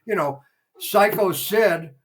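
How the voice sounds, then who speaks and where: A man's voice: high voice, takes it slowly, poor audio. A man, a former theater promoter, telling rambling behind-the-scenes anecdotes as a podcast guest, full of fillers. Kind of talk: casual interview storytelling.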